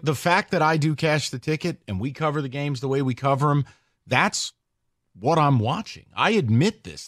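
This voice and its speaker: A man co-hosting a sports talk podcast, opinionated and lively, posing questions to listeners. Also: medium pitch, dry recording, studio quality. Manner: animated, opinionated, rhetorical questions.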